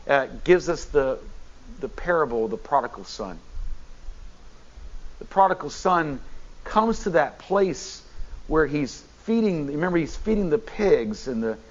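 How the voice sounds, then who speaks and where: A man, a bishop, preaching a sermon in an animated way, often restarting and repeating words as he goes. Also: a little high, highs cut off.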